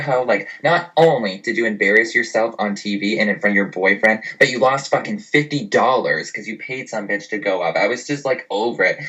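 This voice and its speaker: A man's voice: fairly low pitch, pushed and bright, highs cut off. A man co-hosting a podcast, gossiping in an exasperated, profane way. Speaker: podcast co-host. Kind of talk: casual chat.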